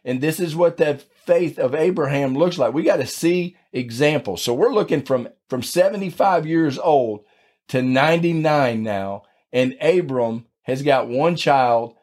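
A man's voice: medium pitch, unhurried, darkish tone. A man hosting a devotional podcast, teaching scripture in a folksy, conversational way and closing in prayer. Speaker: podcast host and Bible teacher.

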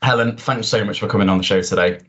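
A man hosts a podcast with a fairly low voice. He opens from a prepared script and then asks friendly, chatty questions. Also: quick pace, a bit bright, muffled recording. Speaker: podcast host. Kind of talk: podcast hosting.

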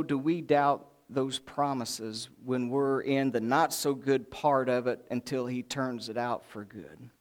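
A man preaching a sermon in an animated, folksy way, with joking asides to the congregation. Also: mid-range voice.

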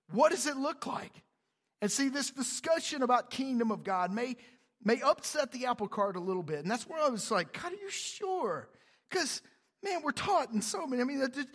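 A male pastor giving an animated, conversational sermon in a church, drawing the congregation into call-and-response. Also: high-pitched. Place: church sanctuary.

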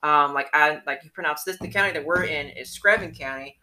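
A young man hosts a relaxed interview, talking fast and rambling between thoughts. His voice is bright and forceful, and he laughs easily. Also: on the high side, a little hiss or hum, poor audio. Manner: chatty, rambling, quick to laugh. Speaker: podcast host at a local newspaper. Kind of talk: casual interview chat.

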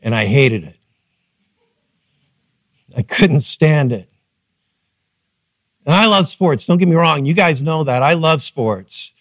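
A middle-aged man preaching a sermon as pastor, telling his story with lively, acted-out quotes. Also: on the high side, slow, long pauses, no echo. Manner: animated storytelling, acting out quotes. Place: church.

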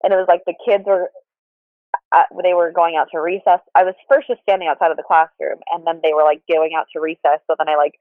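A woman's voice: fairly low pitch, flat delivery, fast, no room sound. A woman guest telling her story candidly, rambling with frequent restarts. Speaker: podcast guest. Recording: tinny phone line, dry.

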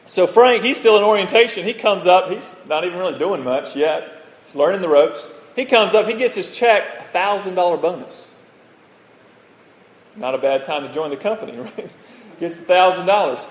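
Pastor preaching in an echoey hall. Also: male voice, sits high, lively intonation, fairly quick. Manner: conversational storytelling, often asks "right?". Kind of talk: sermon. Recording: echoey hall with long reverb.

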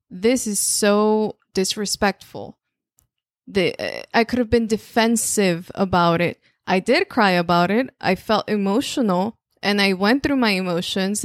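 A woman's voice: mid-range voice, no room sound, clean studio sound. A woman from Mexico with a Mexican Spanish accent, a native Spanish speaker, giving a reflective monthly spiritual talk as a channeler and telling personal stories with frequent restarts.

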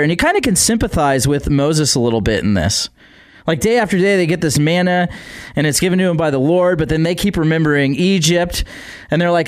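A man's voice: fairly high pitch, animated, fairly quick, no room sound, studio quality. A man reading a Bible passage aloud, then commenting on it in an earnest, conversational preaching style, as a radio devotional speaker. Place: radio studio.

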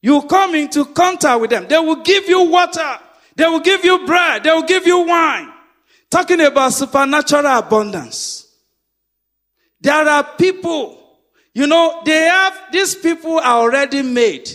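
A middle-aged male pastor preaching a sermon, calling on the congregation to repeat after him and rising to shouts. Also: very high voice, animated, unhurried. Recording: echoey hall.

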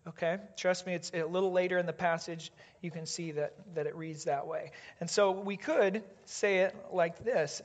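A pastor preaching a sermon in a deliberate way, dropping to a hush on key phrases and leading the congregation in reading aloud. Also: medium pitch.

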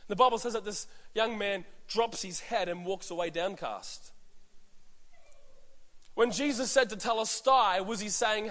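Animated Australian pastor preaching. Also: male voice, high-pitched, a little slow. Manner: storytelling, acts out voices, many restarts. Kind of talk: sermon. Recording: echoey hall reverb.

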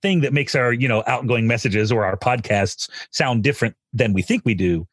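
A middle-aged man with a husky, slightly breathy voice explains how he teaches singing, laying out each idea with care. He sounds close to the mic in a dry, deadened room. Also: mid-range voice, moderate pace, no room sound. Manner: thoughtful, explanatory. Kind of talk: podcast conversation.

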